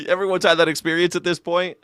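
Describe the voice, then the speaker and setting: A man's voice: sits high, level tone, quick pace, a bit bright, clear, resonant tone, no echo, clean studio sound. A man hosting a news reaction show, rambling and joking with profanity and silly voices. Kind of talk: casual comedic commentary.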